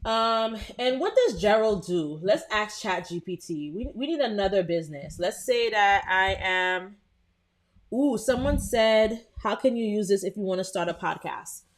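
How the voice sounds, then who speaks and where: A woman's voice: medium pitch, animated, unhurried. Chatty woman hosting a live tutorial. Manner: chatty, talks to live viewers, frequent "um" and restarts. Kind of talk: casual live screen-share tutorial.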